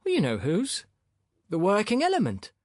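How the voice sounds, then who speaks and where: A man's voice: sits high, wildly swooping pitch, moderate pace, darkish tone, dry recording, clean studio sound, pitched above the performer's own voice. A male narrator voicing a boorish, insolent young man who talks back cockily and indignantly. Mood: self-righteous. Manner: cocky, indignant, sullen.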